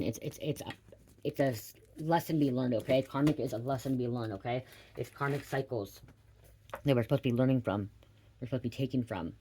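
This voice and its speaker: A woman's voice: rumbling low, warm tone, slight background noise. Woman doing a spiritual reading, rambly, drops f-words, says okay a lot. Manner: rambling, repeats "okay?" constantly, swears casually. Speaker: tarot reader.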